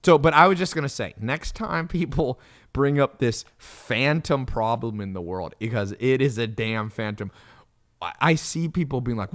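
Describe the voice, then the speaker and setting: A man hosting a podcast, telling stories in a blunt, animated way, swearing and laughing often. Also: mid-range voice, moderate pace. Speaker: podcast host. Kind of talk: casual motivational chat.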